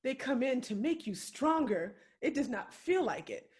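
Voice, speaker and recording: A woman's voice: high voice, very animated, normal speed, a little mellow. A woman giving an impassioned, preacher-like keynote speech, repeating phrases for emphasis, tearful at times. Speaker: keynote speaker. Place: home, remote video address.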